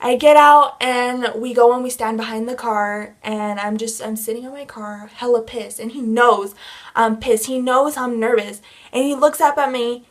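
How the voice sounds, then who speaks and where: A woman's voice: on the high side, fairly even intonation, moderate pace. A young woman vlogger animatedly retelling a personal story in a casual storytime, with many filler words.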